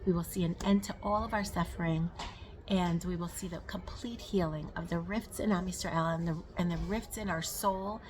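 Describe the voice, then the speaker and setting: A woman giving a spoken Torah lesson, earnest and emphatic, mixing in Hebrew terms and slowing down to stress key words. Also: on the low side, fairly even intonation, darkish tone, slight background noise. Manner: rises and slows on emphasis, frequent fillers. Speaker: Torah teacher.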